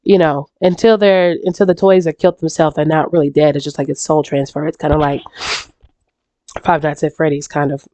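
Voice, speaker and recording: A woman's voice: sits low, steady tone, fairly quick, warm tone, dry recording. A woman with a stuffy, congested voice and a sore throat, chatting casually through game theories, rambling and often restarting her sentences. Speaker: YouTube reaction creator.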